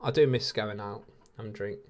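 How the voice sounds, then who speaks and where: A man's voice: lowish voice, moderate pace, darkish tone. A man in his late twenties with an English accent, hosting a casual live watch-along and chatting with viewers, laid-back and laughing often. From England. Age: 20s.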